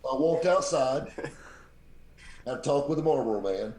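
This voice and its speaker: A man with a very deep voice, telling lively stories as a podcast guest and acting out the people he quotes. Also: unhurried. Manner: animated anecdote-teller, acts out quoted people. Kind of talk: casual storytelling. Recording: roomy echo.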